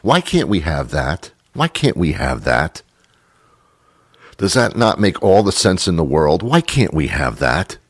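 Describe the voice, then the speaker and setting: A man with a very deep voice hosts a talk show in a dry, close studio sound. He rambles sarcastically and laughs between his points. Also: very animated, unhurried, husky, dry recording. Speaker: radio talk show host. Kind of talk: casual monologue.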